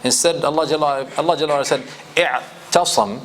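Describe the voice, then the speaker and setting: A man's voice: a little high, normal speed, slight background noise. A man teaching a Quran commentary class, explaining and asking his students questions. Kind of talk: classroom tafsir lecture.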